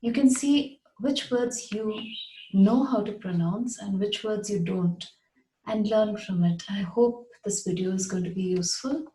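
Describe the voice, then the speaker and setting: A woman teaching English pronunciation in a patient way, saying each word slowly and repeating it. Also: medium pitch, mellow, reverberant, low-quality recording. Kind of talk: slow, deliberate pronunciation lesson.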